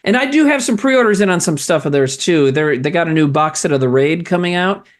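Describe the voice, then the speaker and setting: A man with a slightly higher-than-usual voice, co-hosting a loose, casual chat about movies. He rambles, backtracks and swears freely, laughing as he goes. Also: expressive, a little fast. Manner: rambling, laughing, swears a lot, many fillers. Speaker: podcast co-host.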